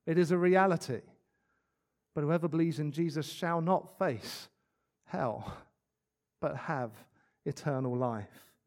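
A man preaching a sermon, earnest, slowing down to stress key words and adding light asides. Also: a little high, a little mellow.

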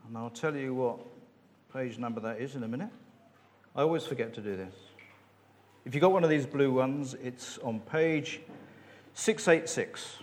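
A man preaching a sermon and reading scripture, unhurried, with fillers and friendly asides. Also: medium pitch, expressive, big-room sound. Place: church.

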